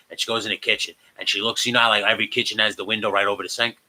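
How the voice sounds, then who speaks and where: Brief: casual male podcast host, swearing storyteller, very bright and sharp tone. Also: fairly low pitch, fast talker, poor audio. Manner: profane, animated storytelling. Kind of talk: casual comedic chat. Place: remote podcast setup.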